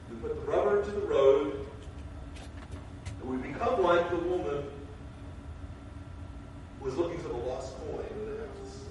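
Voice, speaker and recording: A man preaching a sermon, swinging between loud shouted praise and low, quiet asides. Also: a little hiss or hum. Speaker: pastor. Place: church sanctuary. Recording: roomy hall sound from a distant mic.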